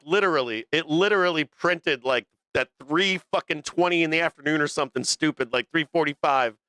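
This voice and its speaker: A man's voice: fairly high pitch, bright, forceful tone, smooth, no echo. A man hosting a live stock market stream, calling trades in a brash, profane, laughing way. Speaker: stock market livestream host. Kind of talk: profane live trading commentary.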